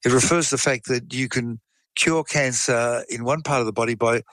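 In a chatty, explanatory way, a man talks about science through a case story, acting out what people said. His mid-range voice is a bit bright and moderately paced, and the poor-quality audio has no room sound.

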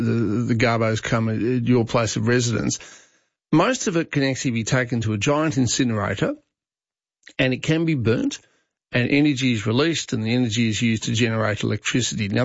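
Opinionated Australian radio host, dry studio sound. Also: male voice, medium pitch, no echo. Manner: opinionated, conversational, frequent fillers and restarts. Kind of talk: talkback radio commentary. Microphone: studio microphone. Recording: slightly dull broadcast audio, dry.

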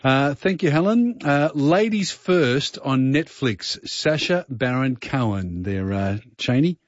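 A man's voice: mid-range voice, expressive, slow, dry recording. A man hosting a radio show, chatting in a rambling, think-aloud way. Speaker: radio host. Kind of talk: casual radio chat. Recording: slightly dull dry studio sound.

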